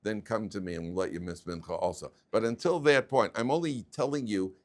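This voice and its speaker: Man, rabbi, classroom lecture, lowish voice, storytelling, repeats words, acts out characters. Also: a little fast. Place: classroom with students.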